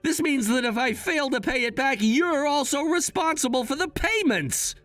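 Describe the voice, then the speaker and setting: A man's voice: extremely high pitch, normal speed, a bit bright, no room sound, soft background music. A man voicing a cold, unbending young adult son in a scripted drama, firm and lecturing.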